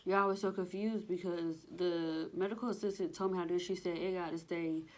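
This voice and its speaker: A woman's voice: fairly low pitch, steady tone, a little fast, darkish tone. A pregnant young woman chatting casually to her viewers at home, out of breath and sighing between phrases. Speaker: vlogger. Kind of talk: casual chat. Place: home kitchen.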